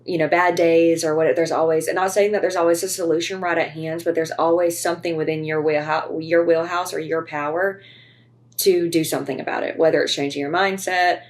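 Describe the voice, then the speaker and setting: Earnest woman podcast co-host, lowish voice. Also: flat delivery, a little fast. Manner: earnest, encouraging, repeats herself. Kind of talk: casual chat. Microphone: podcast microphone.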